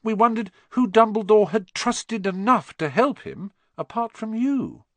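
A man's voice: high voice, lively intonation, a little slow, no room sound, pitched above the performer's own voice. A man voicing a clever, earnest, bossy schoolgirl in an audiobook reading. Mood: coaxing. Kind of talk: audiobook character voice.

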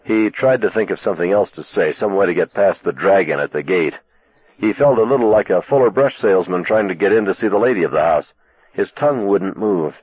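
Husky male narrator on old cassette. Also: low-pitched, expressive, fairly quick. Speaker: audiobook narrator. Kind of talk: scripted narration. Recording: tinny, dry lo-fi cassette audiobook.

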